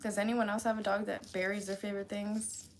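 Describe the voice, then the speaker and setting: A woman's voice: medium pitch, level tone, fairly quick, a little hiss or hum. A young woman chatting casually to her live chat, rambling with lots of fillers, laughing often and swearing freely. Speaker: livestream host.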